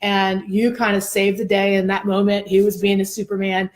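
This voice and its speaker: A woman hosts a casual talk show and tells a personal story with plenty of animation. Her voice sits at an ordinary middle pitch, and she laughs easily as she goes. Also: normal speed. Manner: animated, expressive, laughs often. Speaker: host.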